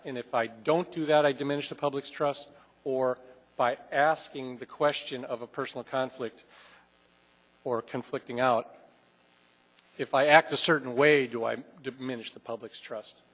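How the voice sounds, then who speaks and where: A man's voice: medium pitch, fairly even intonation, moderate pace, a bit bright. A man who serves on a city assembly, arguing his point at length in a public meeting over a desk microphone. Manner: argumentative, long-winded. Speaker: assembly member. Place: council chamber. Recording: reverberant council chamber.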